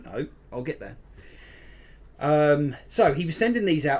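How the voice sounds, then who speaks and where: A man co-hosting a casual podcast chat, telling an excited story. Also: fairly high pitch, unhurried, breathy edge. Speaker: podcast co-host.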